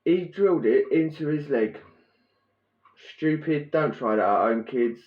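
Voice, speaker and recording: A man telling a prison story in a casual, animated way, laughing and acting out the scene with sound effects. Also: fairly high pitch, unhurried. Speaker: podcast host telling prison stories. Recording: roomy, dull lo-fi sound.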